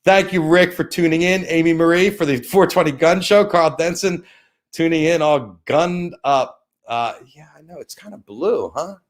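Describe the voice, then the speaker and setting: A man's voice: fairly high pitch, normal speed. A middle-aged man hosting a casual live stream, rambling as he thanks viewers by name and plugs sponsors. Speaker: host of a live-stream show.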